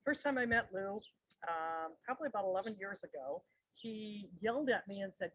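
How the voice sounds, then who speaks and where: A woman's voice: medium pitch, expressive, fairly quick, fairly bright tone, no echo, rough recording. A woman sharing a chatty story about her neighbor at a memorial gathering, laughing now and then as she talks. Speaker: neighbor of the deceased.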